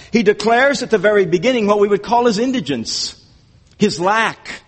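A man's voice: high voice, in a large hall. A man preaching an expository sermon, earnest and emphatic, repeating key phrases as he explains a psalm.

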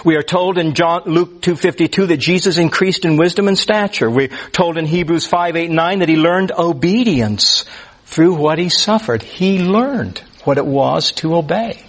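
A man's voice: a little high, moderate pace. A man preaching a conversational sermon to a group, often restarting his words and rising sharply on key phrases. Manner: conversational, stammers on restarts, rises on emphasis. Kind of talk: sermon teaching. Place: church or class room with listeners.

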